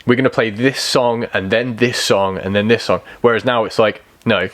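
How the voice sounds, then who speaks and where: Man, young adult, podcast guest, animated storytelling, dry. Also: on the low side, moderate pace, no echo. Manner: animated storyteller, acts out quotes. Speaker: band member guest. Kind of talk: casual podcast chat.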